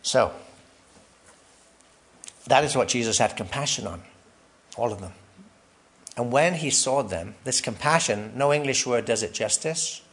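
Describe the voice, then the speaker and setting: A man's voice: mid-range voice, animated, unhurried, long pauses, a bit bright. A man preaching a sermon in a conversational way, asking the congregation questions, tagging "right?" onto his points and laughing lightly between phrases.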